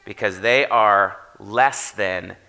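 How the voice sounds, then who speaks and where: Guy preaching, chatty and loose, gravelly edge, gets loud then drops real quiet. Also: fairly low pitch, takes it slowly. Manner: conversational preaching, often adds "right?" and "like"; swings from quiet to loud for emphasis. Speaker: pastor. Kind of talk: sermon.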